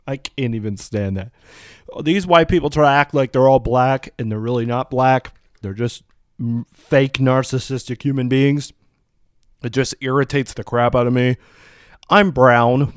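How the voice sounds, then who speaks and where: Man, solo podcast host, heated profane rant, rambling restarts, middle pitch, dry sound. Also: clear, resonant tone, dry recording. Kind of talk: solo podcast commentary, reading news then ranting.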